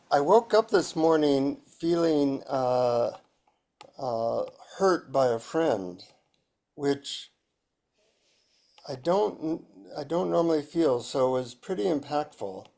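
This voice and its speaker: A man's voice: a little high, slow pace, creaky, pauses often, darkish tone. A man sharing his feelings reflectively and hesitantly in an online workshop over a video call. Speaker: workshop participant.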